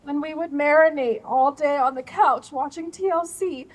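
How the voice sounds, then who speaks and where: A woman, the wife of a detained man, giving a soft, emotional personal speech at an outdoor rally. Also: high voice, moderate pace, rough recording.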